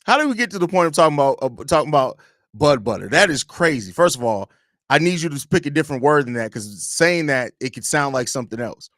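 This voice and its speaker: An animated man with a fairly high, slightly bright voice talks quickly while hosting his basketball fan podcast, a casual live-stream sports show done from home. He's opinionated and rambly, often starting sentences over. The sound is clean studio quality without echo.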